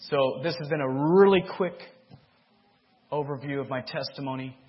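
Husky-voiced man giving impassioned testimony. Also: medium pitch. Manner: impassioned, repeats a refrain, seeks audience response. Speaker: preacher giving his testimony. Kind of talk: emotional sermon testimony. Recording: dull lo-fi sermon recording.

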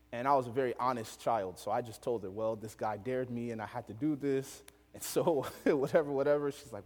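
A young man preaching, telling a story from his childhood in an animated way, laughing often and acting out the voices of the people in it. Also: mid-range voice, normal speed, in a large hall. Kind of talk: storytelling sermon.

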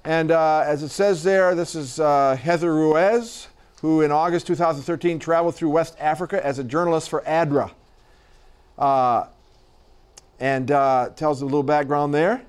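A man teaching a class who talks haltingly, repeating words and fillers, then reads an article aloud in a classroom. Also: a little high, fairly even intonation, clear, resonant tone. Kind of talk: classroom lecture and reading aloud.

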